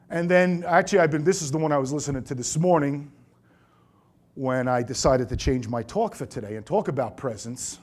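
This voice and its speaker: A middle-aged man gives a seminar talk to fellow chiropractors in a voice that sits a little high. He tells stories with energy and acts out the people he quotes. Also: a little fast. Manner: lively storyteller who acts out quoted voices. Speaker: chiropractor speaking to colleagues.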